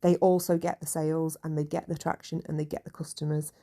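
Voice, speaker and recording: A woman's voice: deep voice, little pitch movement, quick pace, dark tone. A woman hosting a podcast, telling her story in a chatty, candid way with many "you know" asides. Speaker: podcast host. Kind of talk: casual solo podcast storytelling.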